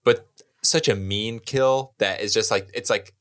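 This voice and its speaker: A young man co-hosting a podcast, telling a long story in a casual, animated, self-mocking way and swearing freely. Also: on the low side, unhurried. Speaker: podcast co-host.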